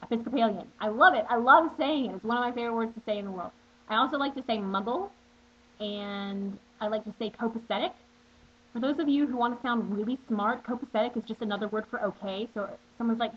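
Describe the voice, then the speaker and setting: A woman's voice: on the high side, fast, husky. Bubbly, chatty young woman vlogger. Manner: bubbly and chatty, with playful asides. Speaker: vlogger answering viewer questions. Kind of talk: casual chat to camera. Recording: dull lo-fi webcam audio.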